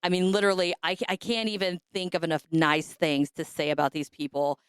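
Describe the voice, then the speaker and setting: A woman hosting a podcast who is hoarse and raspy, chatting casually and rambling with fillers. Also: fairly low pitch, level tone, fairly quick, no echo, studio quality. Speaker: podcast host.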